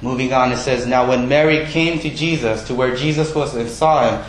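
A man's voice: medium pitch, normal speed, hardly any pauses, a little hiss or hum. Man, pastor, conversational sermon, asks the congregation questions, echoey room, faint background ambience.

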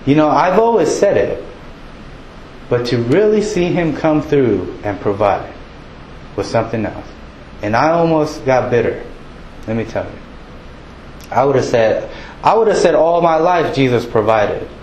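A man preaching a sermon in a relaxed, conversational way, acting out townsfolk with a raised voice. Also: mid-range voice, a little slow, long pauses, reverberant, slight background noise, rough recording. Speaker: pastor.

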